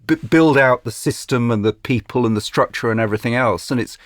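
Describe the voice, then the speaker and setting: Guy thinking out loud, lots of restarts, dry mic. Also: medium pitch, brisk, no echo. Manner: hesitant restarts, thoughtful. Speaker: music industry executive, podcast guest. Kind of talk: casual interview talk.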